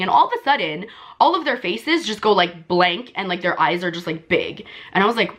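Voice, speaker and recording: A young woman vlogger telling a story in casual, filler-heavy chat, her voice jumping high when she relives excitement. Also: a little fast. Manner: chatty, full of "like" and "um" fillers.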